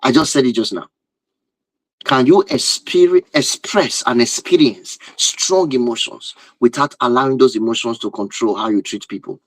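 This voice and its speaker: A man's voice: mid-range voice, normal speed, no echo, rough recording. A man speaking as a relationship teacher who addresses his viewers in an emphatic, repetitive lecture and often asks rhetorical questions. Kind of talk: lecture-style talk to viewers.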